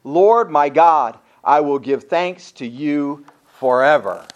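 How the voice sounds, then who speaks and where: A man's voice: on the high side, animated, slow pace, highs cut off. A man preaching a sermon as pastor, driving his points home with repeated rhetorical questions and reading scripture aloud between his remarks.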